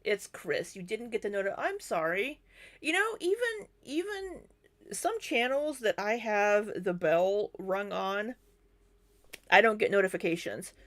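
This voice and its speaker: A woman's voice: mid-range voice, very animated, unhurried. A woman hosting a live commentary stream, reacting to video clips and answering viewers' comments in a chatty way.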